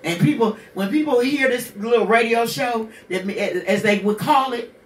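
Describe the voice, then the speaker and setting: A woman's voice: on the high side, normal speed, echoey room, distant mic. A woman in her sixties hosting a radio show, telling her own hard story bluntly, with curses and rhetorical questions. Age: 60s. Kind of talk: candid personal monologue.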